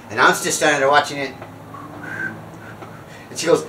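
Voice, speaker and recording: A man's voice: a little high, moderate pace, pushed and bright, roomy sound, distant mic, slight background noise, poor audio. A man telling a funny story and preaching, acting out other people in squealing voices and laughing at his own jokes. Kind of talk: comic storytelling monologue.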